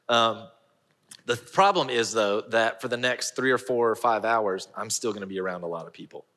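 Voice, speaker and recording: A bright, forceful male pastor preaching in a large church auditorium, his voice carried by a long reverb. He tells stories with animated energy and laughs at himself, then turns to scripture. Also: medium pitch. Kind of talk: sermon with personal storytelling.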